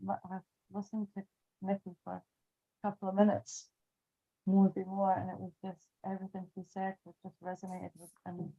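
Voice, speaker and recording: A woman reassuring another participant in a group call, rambling a little. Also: mid-range voice. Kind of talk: casual sharing. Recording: tinny phone-like line.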